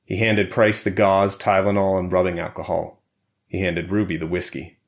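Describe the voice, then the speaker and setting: A man narrating an audiobook in a steady, even reading. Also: low voice, moderate pace, gravelly. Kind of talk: scripted narration.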